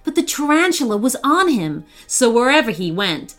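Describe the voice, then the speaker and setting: A woman's voice: a little high, very animated, normal speed, a bit bright. A woman reading a children's story aloud, telling it expressively.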